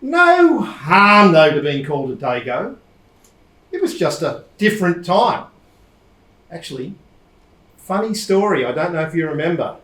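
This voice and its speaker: A man's voice: fairly high pitch, big pitch swings, unhurried, pauses often, a bit bright. An actor playing a blunt, teasing older man with an Australian accent on stage. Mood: nostalgic. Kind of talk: stage play acting. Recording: echoey theatre stage.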